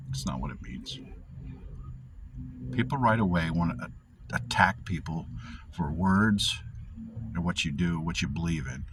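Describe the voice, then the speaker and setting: Deep-voiced man giving rambling faith talk. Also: moderate pace, pauses often, a little hiss or hum. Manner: rambling, candid, with frequent restarts and self-talk; wry, deadpan humor. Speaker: vlogger sharing faith encouragement. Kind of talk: casual devotional talk.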